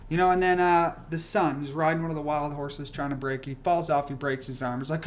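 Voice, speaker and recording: A man's voice: a little high, fairly quick, few pauses, a little hiss or hum. A young man hosting a casual livestream, rambling and swearing as he rants and reads comments. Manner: rambling, profane, animated ranting. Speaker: livestream host.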